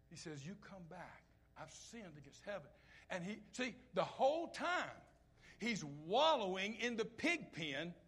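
A man preaching a sermon, dropping to hushed asides and rising to loud, impassioned lines, in a conversational way. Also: fairly high pitch. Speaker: pastor.

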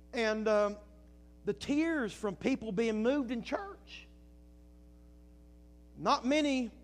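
Preacher guy with a high voice, goes quiet then slows down and hits words hard. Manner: preaching with rising and falling intensity, slow emphatic phrases. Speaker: pastor. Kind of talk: sermon.

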